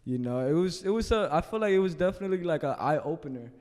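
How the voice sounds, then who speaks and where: Young man from the Philippines, podcast guest, higher-pitched and laid-back, recorded with a long reverb tail. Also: lively intonation, quick pace, darkish tone. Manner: laid-back, loose and rambling, heavy on "you know" and "like". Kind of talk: casual interview chat.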